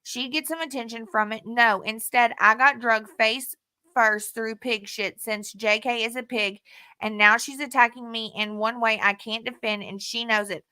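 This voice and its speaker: A woman's voice: fairly high pitch, steady tone, normal speed, bright, forceful tone, clean tone. A woman talking to camera in a frustrated, heated way, swearing often while walking through text messages. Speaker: vlogger. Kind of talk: casual talk to camera, reading out text messages.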